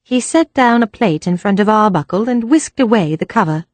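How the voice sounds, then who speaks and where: A woman narrating a mystery audiobook in an even, measured reading. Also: medium pitch, no room sound. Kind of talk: scripted narration.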